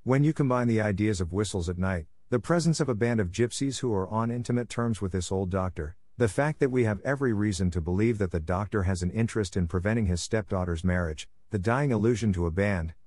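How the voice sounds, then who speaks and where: A man reading an audiobook voices a calm, sharp-witted detective who speaks in a measured, wry way. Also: fairly low pitch, lightly acted.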